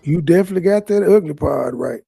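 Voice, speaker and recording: A man's voice: high-pitched, fast, creaky, dark tone, husky. A man hosting a stream reaction, giving crude, sarcastic live commentary with heavy cursing.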